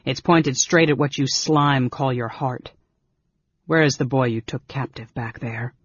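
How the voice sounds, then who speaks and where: A man's voice: medium pitch, a little slow, breathy edge, dry recording, lo-fi sound. A man voicing a harsh, desperate warrior Tanis. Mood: threatening. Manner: harsh, growling threats. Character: fierce half-elf warrior father, desperate. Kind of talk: audiobook character reading.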